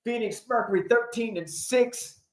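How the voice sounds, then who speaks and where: A man's voice: extremely high pitch, normal speed. A man hosting a casual livestream sports chat, talking in a playful, laughing way as he hypes up the picks. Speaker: host. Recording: echoey room.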